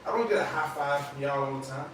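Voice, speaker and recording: A man's voice: fairly high pitch, fast, a bit bright, slight background noise. Loose-talking man teaching a Bible lesson. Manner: loose, conversational, peppered with "man" and "right?". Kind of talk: casual Bible study talk. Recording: echoey room from far off.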